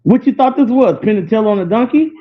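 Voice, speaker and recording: A woman voicing a stern mother scolding her young son, in a firm, lowered voice, with dull lo-fi sound. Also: animated, fast talker, lightly acted.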